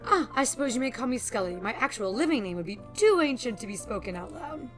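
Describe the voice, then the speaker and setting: A woman's voice: a little high, lively intonation, fast, soft background music, natural voice. A woman voicing an ancient, courteous undead male archivist in a plain voice with old-fashioned phrasing.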